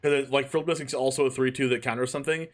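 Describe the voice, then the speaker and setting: A mid-pitched male streamer joins the broadcast as co-commentator, chatting loosely about the plays. His delivery is casual and conversational. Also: very fast. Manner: chatty, relaxed color commentary. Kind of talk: live game commentary.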